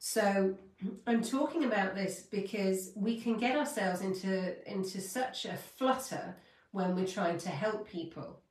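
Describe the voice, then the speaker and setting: A woman's voice: medium pitch, measured pace, roomy sound, distant mic. A woman hosting a spiritual podcast, telling a story in a heartfelt, rambling way and correcting herself as she goes. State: near tears. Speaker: podcast host. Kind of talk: spiritual coaching talk.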